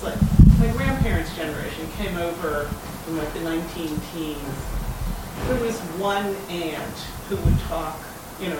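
An older man in the audience asks a meandering, halting question. He is picked up far from the mic, in a very reverberant room with clear background noise. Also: fairly high pitch. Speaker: audience member asking a question.

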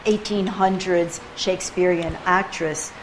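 Woman, poetry workshop leader, low-ish voice, playful and chatty in front of a group, faint room hiss. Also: measured pace, rough recording. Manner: chatty, animated, playful, mimics rhythms aloud. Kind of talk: informal teaching to a group.

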